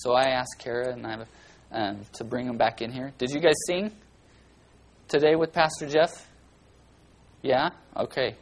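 A children's church teacher giving an animated Bible lesson, asking the kids lots of questions and breaking into loud, dramatic bursts. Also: medium pitch, a little slow, long pauses, low-quality recording.

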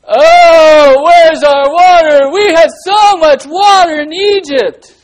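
A church teacher voicing a crowd of thirsty desert wanderers who whine and complain loudly in high, shouted voices. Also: takes it slowly, poor audio. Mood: whining. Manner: whiny, loud, high-pitched complaining. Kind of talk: acted quote in a children's Bible lesson.

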